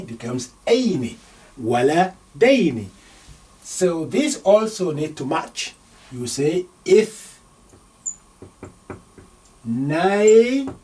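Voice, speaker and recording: A man teaching an Arabic grammar lesson, slowly sounding out words syllable by syllable as he writes them. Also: on the high side, darkish tone, far from the mic. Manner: slow, deliberate, sounding out syllables.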